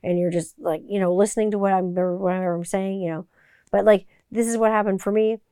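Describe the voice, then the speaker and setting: A woman's voice: medium pitch, fairly even intonation, a little fast, warm tone, clear, resonant tone, no echo, studio quality. A woman hosting a podcast in a casual, rambling monologue, full of "like" and "you know.". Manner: rambling, filler-heavy. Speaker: podcast host.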